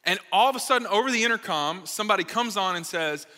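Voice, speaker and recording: A man giving a playful, lively sermon to a live audience, joking and talking straight to the crowd. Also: high voice, fast talker. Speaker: speaker at a college ministry gathering. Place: large hall with live audience. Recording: reverberant hall.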